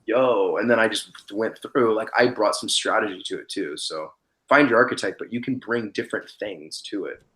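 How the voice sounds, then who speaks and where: A man's voice: on the low side, fairly quick, sharp tone. A young man in casual podcast chat, laid-back and slangy, rambling with lots of fillers. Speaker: podcast guest, former reality show contestant.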